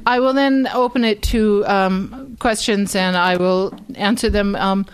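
A woman author talking casually to a live bookstore audience, wry and halting, with stammered restarts and frequent ums. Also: medium pitch, steady tone, clear, resonant tone. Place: bookstore event.

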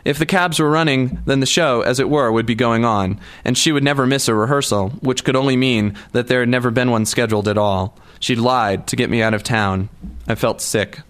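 A man's voice: mid-range voice, fairly quick, fairly bright tone. Man narrating a wry audiobook. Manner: wry, dry first-person storytelling.

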